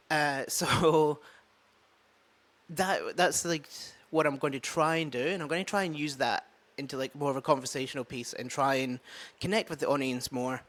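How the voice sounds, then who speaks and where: A man's voice: on the high side, normal speed, a bit bright. Scottish man chatting casually to camera. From Scotland. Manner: rambling, many fillers and restarts, thinking aloud. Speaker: open mic comedian vlogging. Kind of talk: casual vlog chat. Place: at home with a dog.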